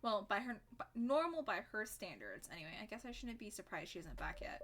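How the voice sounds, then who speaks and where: Bright-voiced woman streamer reading game text. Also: medium pitch, very animated, slight background noise. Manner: casual, swears, quick asides between read lines. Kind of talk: let's-play commentary, reading game text aloud.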